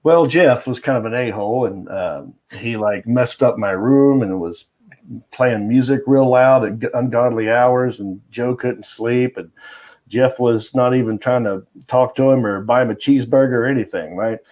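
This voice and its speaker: Comedian guy on a podcast, animated storyteller, laughing at his own bits. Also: medium pitch, normal speed. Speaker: guest comedian. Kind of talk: casual storytelling.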